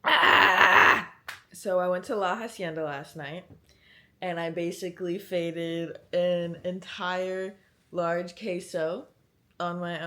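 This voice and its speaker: A young woman in her twenties, with a fairly low-pitched voice, vlogs to camera. She tells stories in a casual, animated way, full of slang, swearing, and laughter.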